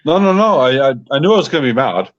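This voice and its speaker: A man's voice: mid-range voice, big pitch swings, quick pace. Man ranting over dull call audio. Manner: frustrated ranting with many fillers. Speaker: guest. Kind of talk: casual call-in chat.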